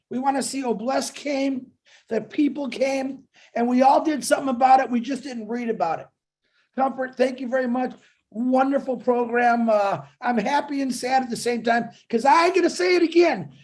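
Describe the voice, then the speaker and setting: A man's voice: very high voice, darkish tone. A man giving an impassioned, emphatic speech at an online event, repeating phrases for effect.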